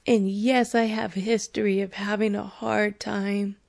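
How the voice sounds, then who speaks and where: A woman in her forties talks into her podcast mic in a confessional monologue. She speaks slowly and deliberately, and her voice carries a gravelly fry. She is earnest and candid, frank and a little profane, and she laughs easily. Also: medium pitch, little pitch movement, darkish tone. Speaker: podcast host.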